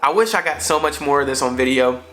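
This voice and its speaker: Bright-voiced man telling a story casually. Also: a little high, expressive, quick pace, faint music behind. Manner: slangy, conversational, frequent fillers. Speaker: father vlogger.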